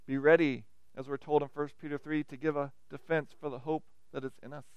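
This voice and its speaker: Expressive high-voiced male preacher. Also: clean tone, no echo. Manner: dynamic, varied emphasis, asks questions. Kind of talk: sermon.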